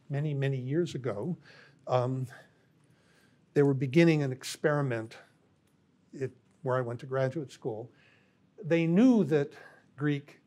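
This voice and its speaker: An older man, a philosophy professor, giving a university lecture in a thoughtful, halting way with many pauses and restarts. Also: mid-range voice, mellow. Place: college classroom.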